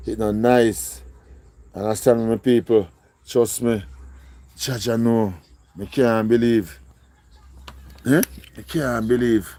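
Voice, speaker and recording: A man's voice: mid-range voice, steady tone, takes it slowly, long pauses, mellow, dry recording. A man with a Jamaican accent, pleading and repeating himself as he speaks emotionally to viewers on a live stream. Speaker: livestreamer.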